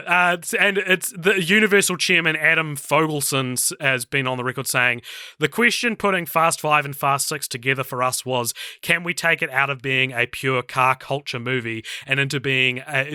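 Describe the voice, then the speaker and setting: A man's voice: on the high side, sharp tone, clean tone, no echo, studio quality. A man co-hosting a casual film podcast, chatty and jokey, laughing often. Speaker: podcast co-host.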